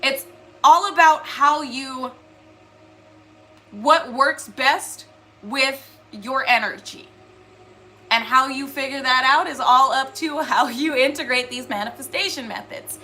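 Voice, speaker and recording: High bright-voiced woman doing a rambly earnest spiritual reading, lots of "like"s. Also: slow. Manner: earnest, rambling, many "like" fillers. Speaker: spiritual reader. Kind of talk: casual spiritual monologue to viewers.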